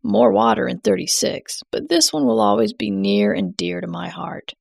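A woman reading the part of an eccentric older man who summons floods, talking in a gruff, smug and scolding way. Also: mid-range voice, wildly swooping pitch, moderate pace, darkish tone, no room sound, studio quality, exaggerated voice. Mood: proud.

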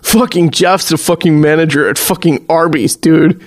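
A man's voice: on the high side, steady tone, normal speed, lightly acted. A man voicing a scrawny, lazy young slacker who swears and talks in a loose drawl.

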